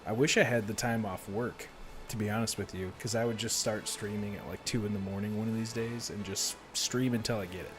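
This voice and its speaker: A man's voice: on the low side, steady tone, fairly quick, fairly bright tone, faint music behind. A man streaming a video game, chatting casually and rambling from story to story, laughing often. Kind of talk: casual live-stream chat.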